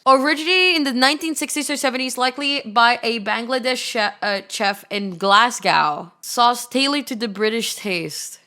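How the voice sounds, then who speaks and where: A young woman streamer chatting casually, excitable and quick to outrage, swearing freely as she reacts. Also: a little high.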